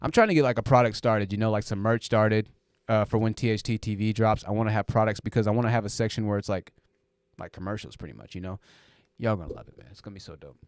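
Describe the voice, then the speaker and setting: A fast-talking man with a smooth, lowish voice runs a casual live stream, going through viewer comments and rambling explanations heavy on fillers. Recorded on a dynamic podcast mic through a preamp in a home room lined with hung hoodies to absorb sound, the audio is dry and clean, like a studio.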